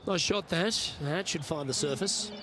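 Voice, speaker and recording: A man voicing a professional golf commentator in a video game, with a smooth broadcast delivery. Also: a little high, moderate pace, slight background noise. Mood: upbeat. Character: upbeat male TV golf commentator. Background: loud game music.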